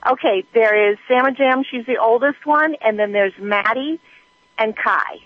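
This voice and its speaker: A woman's voice: a little high, measured pace. A woman calling in to a radio show who chats freely and laughs easily. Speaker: caller. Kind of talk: call-in conversation. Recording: dull, dry phone line.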